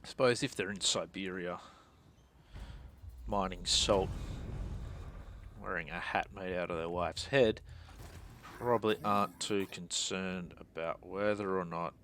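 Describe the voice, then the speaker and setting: A deep-voiced man talks through his moves in a strategy game, half under his breath. He muses to himself, with a gravelly rasp on the low notes. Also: steady tone, measured pace, long pauses, a bit bright, slight background noise. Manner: muttering, thinking aloud, self-deprecating. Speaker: gaming channel host.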